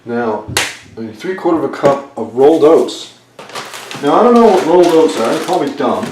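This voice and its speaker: A man's voice: a little high, expressive, a little fast, a little mellow, a little hiss or hum. Man rambling while baking in an echoey kitchen. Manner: self-deprecating, rambling, talks while working. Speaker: home cook filming a baking video. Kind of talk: casual talk while cooking. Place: home kitchen. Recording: echoey kitchen, distant camera mic.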